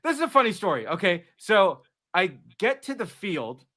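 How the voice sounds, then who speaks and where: Bright sharp-sounding guy, kinda high, telling stories all animated, just chatting. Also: normal speed. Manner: animated storyteller, acts out quotes. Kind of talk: casual chat.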